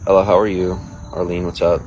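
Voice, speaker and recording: A man's voice: low voice, little pitch movement, a little fast, darkish tone, a little hiss or hum, rough recording. A man livestreaming, chatting casually with viewers and reading out their comments in a crude, boastful, rambling way.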